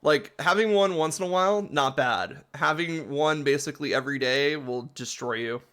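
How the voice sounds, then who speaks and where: A man's voice: fairly high pitch, moderate pace, a bit bright, clear, resonant tone. A man giving casual, rambling commentary while playing a game, often laughing.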